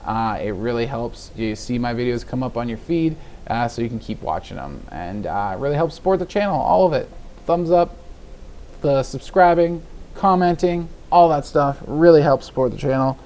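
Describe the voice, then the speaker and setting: This card game video host speaks at a moderate pace in an expressive, darkish mid-range voice, rambling chattily through his deck and matches. Somewhat tired and yawning, he chuckles at his own slip-ups, with slight background noise behind him.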